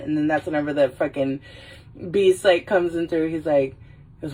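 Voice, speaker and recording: A woman vlogger chatting casually while a little drunk, rambling, swearing freely and slipping into quick silly voices. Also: low-pitched, darkish tone, distant mic, low-quality recording. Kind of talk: casual tipsy chat.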